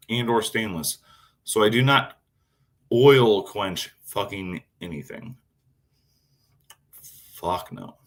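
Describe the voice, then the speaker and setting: A man's voice: on the low side, a bit bright. A man chatting casually on a live stream, swearing constantly as he rambles about his knives and answers chat. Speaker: knifemaker streamer.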